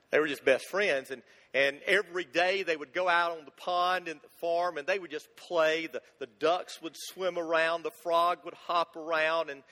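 A man's voice: fairly high pitch, pushed and bright. Man, pastor, folksy sermon, long hall reverb. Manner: folksy storyteller, emphatic repeats.

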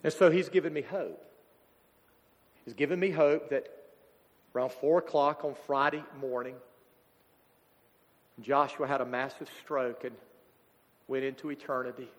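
Grieving pastor in a reverberant church. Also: male voice, mid-range voice, fairly even intonation. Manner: emotional, halting, grieving father. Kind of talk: sermon. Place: church sanctuary.

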